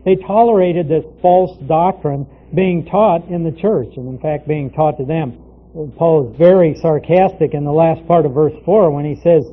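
A man teaching a Bible passage verse by verse, explaining it in a measured way with many small pauses. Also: on the high side. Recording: tinny phone-like lo-fi sound.

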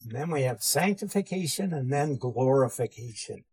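A man's voice: mid-range voice, lively intonation, moderate pace, a little mellow, husky, rough recording. A man teaching a theology lesson, methodically defining terms and repeating key phrases. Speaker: Bible teacher. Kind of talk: theology lecture.

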